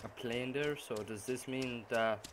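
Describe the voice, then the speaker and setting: A young man giving profane gameplay commentary, muttering to himself and then suddenly yelling. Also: mid-range voice, unhurried. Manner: swears constantly, muttering that bursts into sudden yells. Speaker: gaming channel host. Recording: noisy gameplay recording.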